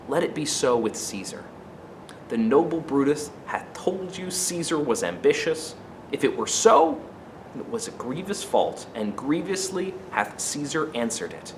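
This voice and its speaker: A man voicing a grieving Roman orator, reciting his funeral speech in a soft, measured way. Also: sits high, slight background noise, exaggerated voice, low-quality recording. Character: grieving Roman orator, male, quietly persuasive.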